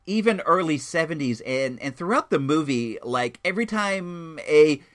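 A young man giving a casual, chatty movie review, telling stories in an animated way. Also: normal speed. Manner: animated, chatty storytelling with lively swings in pitch.

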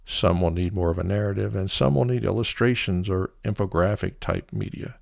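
A man with a very low, gravelly voice talks through his views on a solo podcast. He explains in a measured, opinionated way, dropping in an occasional "uh". The sound is dry and close. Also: no room sound. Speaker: podcast host.

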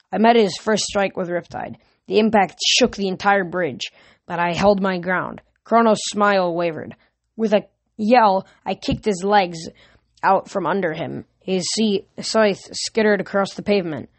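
A woman reads a novel aloud in an easygoing way, often tripping over words and going back to fix them. Her pitch sits in the middle. The recording is dry and close. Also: measured pace, dry recording. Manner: stumbles and restarts words often. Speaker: reader. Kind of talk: casual read-aloud of a novel.

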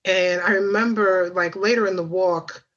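A woman's voice: on the low side, fairly even intonation, moderate pace, fairly bright tone, highs cut off. A woman guest on a podcast telling a personal story in a chatty way, with many fillers and asides.

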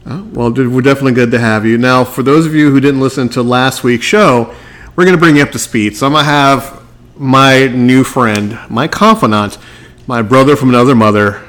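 A man's voice: mid-range voice, a little fast, a bit bright. A man hosting a podcast, chatting casually and playfully, joking with his audience and his guest. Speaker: podcast host.

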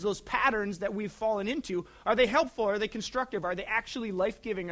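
A man in his thirties preaching a sermon as pastor, in a conversational way that swings from loud emphasis to hushed asides. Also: high-pitched.

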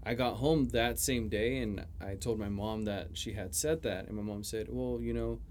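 A man's voice: lowish voice, moderate pace, darkish tone, slight background noise. Laid-back young man, casual swearing. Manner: laid-back, swears freely, lots of "you know". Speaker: chef guest. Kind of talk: casual podcast chat.

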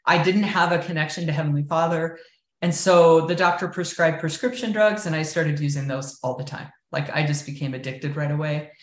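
Low-voiced woman sharing her testimony. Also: fairly quick. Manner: earnest, candid storytelling with frequent fillers. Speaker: interview guest. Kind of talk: personal faith testimony in an interview. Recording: roomy echo.

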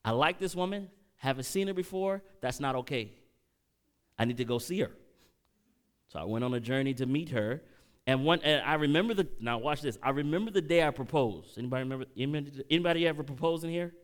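A man's voice: fairly high pitch, fast talker. A middle-aged man preaching a sermon, telling a personal story and calling out questions to the congregation. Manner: animated preaching, audience call-outs, emotional storytelling. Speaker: pastor.

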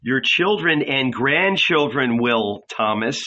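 A solemn male spiritual teacher speaks with grave, slow intensity, read by a man. The voice is bright and clear, and the audiobook recording is dull and lo-fi. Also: mid-range voice, animated, slight background noise.

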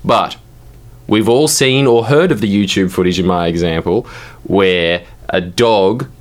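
A man's voice: fairly low pitch, a little slow. A young man teasing and joking during a casual debate. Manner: teasing, playful.

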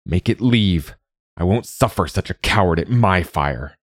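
Man reading a young warrior in a storybook: deep, tense, defiant, dry close sound. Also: animated, moderate pace, no echo. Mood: angry. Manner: tense, defiant, sometimes shouting. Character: young male warrior, proud and ashamed.

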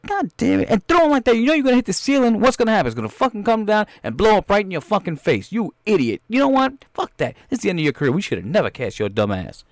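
A man's voice: medium pitch, sing-song, fast, few pauses, breathy edge, no room sound. A man doing a foul-mouthed, bossy film director. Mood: furious. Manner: yelling, berating, profane. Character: angry loudmouth male film director.

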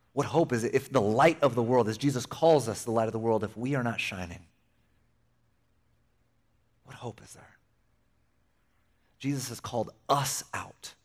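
A young pastor with a lowish voice preaches a conversational, animated sermon, slipping in playful asides along the way.

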